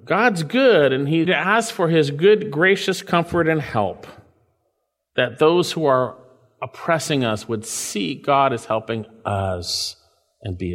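A man preaching a sermon, reading scripture aloud and explaining it with lively emphasis. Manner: lively, rises in pitch for emphasis. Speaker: pastor. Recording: reverberant hall.

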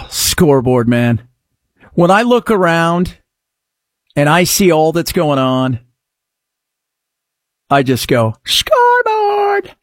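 Sarcastic radio host guy ranting, high voice, dry close sound. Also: slow, long pauses, no room sound. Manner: sarcastic, animated, mocking. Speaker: radio talk show host. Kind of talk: opinion talk radio monologue.

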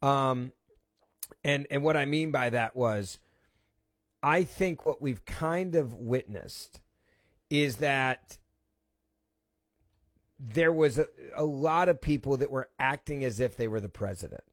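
A man's voice: mid-range voice, takes it slowly, long pauses, no room sound, clean studio sound. A man hosting a talk radio show, reading out a report and then ranting with emphatic, repeated phrases before taking calls. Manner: indignant, emphatic, repeats himself.

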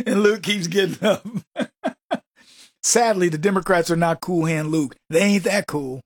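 A man's voice: high-pitched, measured pace, pauses often, no echo, clean studio sound. A man hosting a talk radio show, brash and mocking, who laughs often and acts out other people's voices. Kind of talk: conservative talk radio monologue.

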